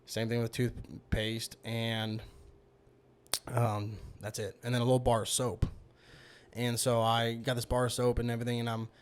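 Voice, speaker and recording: A man with a mid-range voice and clean tone speaks at a moderate pace with little pitch movement. As a podcast guest, he rambles through a long personal story in casual storytelling style, leaning heavily on fillers like "you know" and "like".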